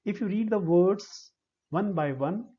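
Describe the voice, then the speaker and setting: A man with an Indian English accent giving a slow, deliberate lecture, spelling out syllables one by one. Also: high-pitched, dark tone, breathy edge. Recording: dull lo-fi recording.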